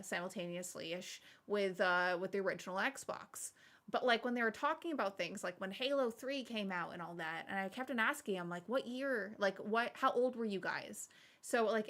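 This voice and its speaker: A woman in her thirties talks casually to her stream viewers, spinning loose, animated stories packed with fillers. Her voice is bright and clear, sitting at an ordinary pitch for a woman. She jumps between tangents with an easy, chatty energy. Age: 30s. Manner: rambling, animated storytelling with frequent laughs and fillers. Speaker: streamer and podcast host.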